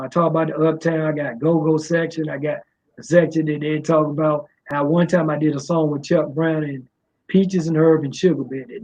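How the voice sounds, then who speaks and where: Drawling middle-aged man, muffled sound. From Washington, D.C. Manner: rambling, repeats fillers, drawling. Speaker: music promoter and guest. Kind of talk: casual interview. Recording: muffled low-fidelity sound.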